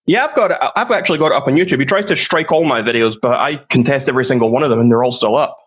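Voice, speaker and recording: A man's voice: mid-range voice, very fast, slightly rough. A man talking through a story in casual chat, rambling with fillers and restarts. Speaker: commentary YouTuber.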